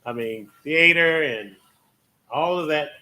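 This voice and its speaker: Bright-voiced man commenting at a board meeting. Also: fairly high pitch, slow, a little hiss or hum. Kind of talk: brief remarks at a meeting.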